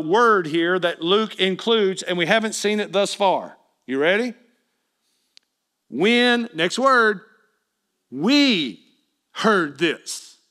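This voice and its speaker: A pastor with a very high voice preaches a sermon, swinging between loud, emphatic appeals and hushed asides. He frequently puts questions directly to his congregation.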